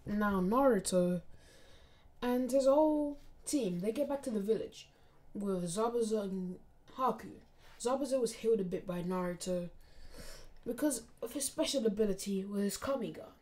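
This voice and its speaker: A woman reading out a fan fiction story in plain, steady narration with casual asides. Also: mid-range voice, moderate pace.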